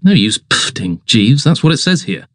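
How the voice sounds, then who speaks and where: A man voicing an excitable, cheerfully dim young English gentleman, plummy and exclamatory. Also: medium pitch, unhurried, dry recording, clean studio sound, pitched above the performer's own voice.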